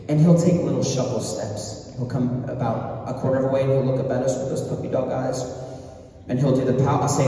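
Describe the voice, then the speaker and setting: A man's voice: mid-range voice, fairly quick, mellow. A man in his thirties preaching a sermon in a large church, with impassioned, emphatic rising lines. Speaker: pastor. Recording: far-off voice in echoey hall.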